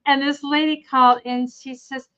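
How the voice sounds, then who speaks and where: A woman's voice: high-pitched, moderate pace. A woman co-hosting a live stream, telling stories casually and trailing off into restarts. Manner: animated storyteller, trails off and restarts. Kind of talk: casual storytelling chat. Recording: slightly muffled live stream audio.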